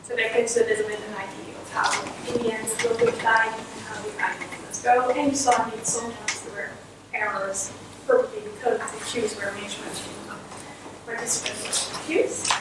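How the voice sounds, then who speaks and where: High-voiced woman presenting in an echoey hall. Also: fairly even intonation, normal speed. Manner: hesitant, with frequent fillers and apologetic asides. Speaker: conference presenter. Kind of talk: academic presentation. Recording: echoey hall from far off with noise.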